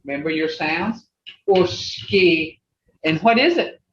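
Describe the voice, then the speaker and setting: A language teacher leads a class over a video call, folksy and plain-spoken, saying words over and over so students catch each sound. The delivery is unhurried, and the pitch swoops up and down with a lively lilt. The audio is distant and roomy, dull, with a faint hiss underneath. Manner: repeats native words slowly to drill sounds. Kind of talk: online language class, pronunciation drill.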